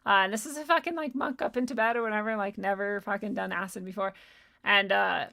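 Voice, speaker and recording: Gravelly, bright-voiced woman streamer. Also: mid-range voice, brisk. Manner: profane, laughing, animated storytelling. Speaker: livestream host answering chat. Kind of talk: casual livestream chat.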